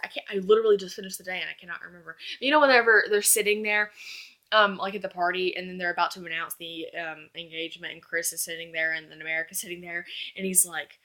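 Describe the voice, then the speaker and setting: A woman's voice: on the low side, a bit bright. A young woman chatting casually in a book review vlog, gushing and acting out characters' lines.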